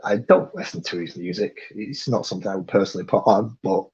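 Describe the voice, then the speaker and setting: A man's voice: deep voice, fast, darkish tone, breathy edge. A man in his forties with a British accent, chatting bluntly and grumbling while painting on a stream. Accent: British English. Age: 40s. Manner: blunt, swears freely, grumbling. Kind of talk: casual chat. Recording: muffled lo-fi audio.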